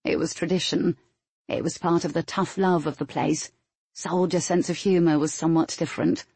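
A woman reading a first-person novel aloud in a steady, matter-of-fact storytelling manner. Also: deep voice, moderate pace, gravelly, husky, no room sound. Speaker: audiobook narrator. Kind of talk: first-person scripted narration.

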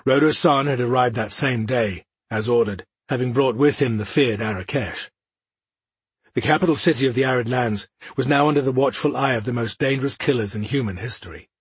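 Husky male audiobook narrator. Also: mid-range voice, brisk, no room sound. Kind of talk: scripted fantasy narration.

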